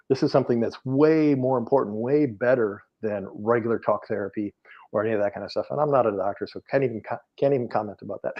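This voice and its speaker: A middle-aged man, a guest energy healer, telling client stories in a podcast interview, earnest and rambling with many fillers and restarts. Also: mid-range voice. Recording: dull lo-fi audio.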